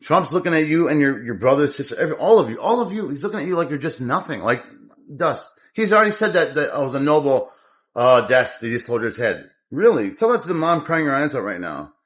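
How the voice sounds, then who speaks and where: Male commentator, mid-pitched, furious and profane, rambles and restarts mid-sentence. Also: animated, brisk, a bit bright. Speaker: political commentator. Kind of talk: angry political rant.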